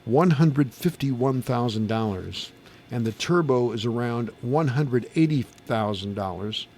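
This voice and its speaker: In a radio studio, a middle-aged morning show host speaks at a measured pace in an expressive, medium-pitched, somewhat mellow voice, with slight background noise. He's chatty, reading the news and then joking and laughing with his co-hosts.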